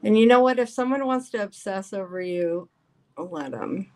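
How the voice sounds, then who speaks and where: A woman's voice: mid-range voice, animated, normal speed, a little mellow. A woman hosting a casual live stream, reading viewer comments aloud and reacting to them in a chatty, emphatic way, her voice getting worn.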